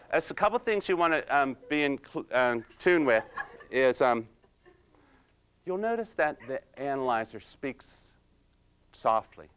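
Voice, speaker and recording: A man playing a quiet, precise, nerdy analyzer-type husband in comedic role-play, slow and hesitant with many ums and "you see?". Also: fairly high pitch, slight background noise. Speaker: personality-styles trainer.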